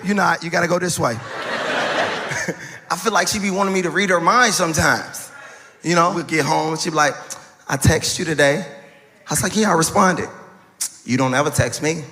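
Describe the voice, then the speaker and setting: A man's voice: sits high, brisk, big-room sound, noisy background. A man doing stand-up, acting out both sides of an argument with his partner. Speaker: stand-up comedian. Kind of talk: stand-up routine.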